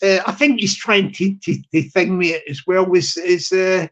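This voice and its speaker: A man hosting a live stream, giving upbeat, rambling shout-outs and often repeating himself. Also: sits high, fairly even intonation, moderate pace, lo-fi sound.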